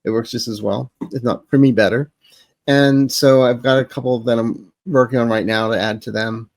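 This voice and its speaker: A man being interviewed as a psychic advisor, telling stories with quick jokes and asides. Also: mid-range voice, steady tone, no room sound. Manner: joking, storytelling, quick asides. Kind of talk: casual interview chat.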